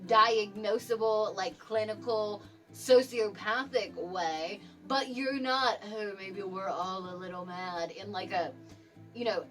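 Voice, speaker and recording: A woman's voice: a little high, a bit bright, far from the mic. A woman giving a casual commentary rant, exasperated and swearing, with a lot of "like" and "you know". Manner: exasperated, filler-heavy with frequent "like" and swearing. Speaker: commentary YouTuber.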